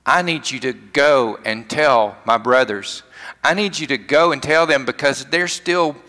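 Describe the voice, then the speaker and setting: A preacher speaking as a calm, kind teacher. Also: male voice, mid-range voice, measured pace, big-room sound. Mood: earnest. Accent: Southern US.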